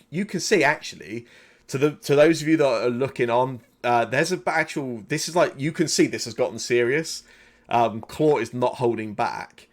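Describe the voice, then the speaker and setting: A man serves as game master for a streamed tabletop game, his pitch sitting in an ordinary middle range. He talks in a relaxed, meandering way, full of ums and restarts, as he lays out each swing and roll. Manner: relaxed, many fillers, drawn-out descriptions.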